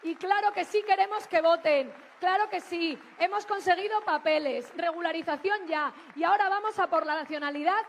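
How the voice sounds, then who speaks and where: A woman's voice: extremely high pitch, fast, few pauses, slight background noise. A woman giving an emphatic, rallying political speech.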